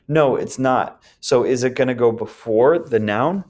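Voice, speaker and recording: A man's voice: medium pitch, unhurried, few pauses, a little mellow, slight background noise. A man teaching French grammar in a patient, explanatory lecture, checking in often with his students. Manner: patient, explanatory, frequent "d'accord?" checks and "um" fillers.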